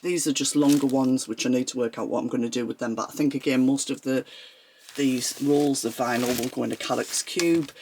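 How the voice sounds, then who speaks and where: A sewing vlogger gives a chatty, rambling tour of her home sewing room, slightly out of breath as she carries the camera around and shows things while talking. Her voice is rumbling low and darkish, fairly quick and fairly even in intonation, with a little hiss or hum.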